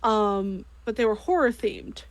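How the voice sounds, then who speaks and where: A woman's voice: mid-range voice, a little slow, dry recording. A woman with a Midwestern accent chatting casually as a co-host while she crafts, swearing freely. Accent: Midwestern American.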